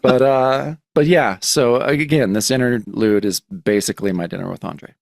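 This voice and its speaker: A man's voice: mid-range voice, normal speed, vocal fry, no echo, studio quality. A man co-hosting a podcast, casually recapping a comic book, laughing, swearing and acting out the characters' lines. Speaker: podcast co-host. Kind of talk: casual chat reading comics aloud.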